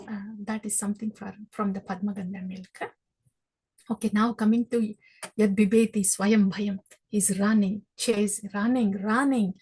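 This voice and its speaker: A woman leads a scripture class, telling the story with lively, animated delivery. Her voice sits a little high and has a husky edge. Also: low-quality recording. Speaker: scripture teacher.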